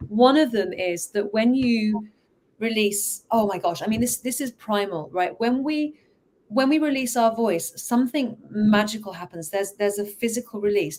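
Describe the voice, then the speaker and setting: A woman hypnotherapist and vocal coach explaining her methods in a casual, enthusiastic conversation, quoting people with animated voices. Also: medium pitch.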